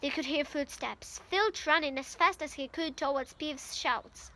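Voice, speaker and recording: A woman's voice: high voice, a little slow, bright, forceful tone. A woman from Ukraine reads a novel aloud in English, reading carefully and sometimes stumbling and restarting. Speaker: reader.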